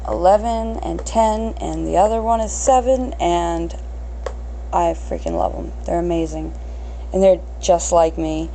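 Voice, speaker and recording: A blunt woman in her thirties rambles through an unscripted solo podcast, swearing freely. Her voice is low and dark, with a gravelly fry. A faint hiss of room noise sits under it. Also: measured pace, low-quality recording. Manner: crass, blunt, self-mocking, swears freely. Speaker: podcast host.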